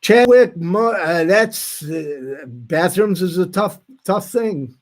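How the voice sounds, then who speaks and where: Guy on a livestream chatting w/ viewers, kinda high voice, slow and stop-start. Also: expressive. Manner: halting, many restarts, greets commenters. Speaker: livestream host reading chat. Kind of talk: casual live chat.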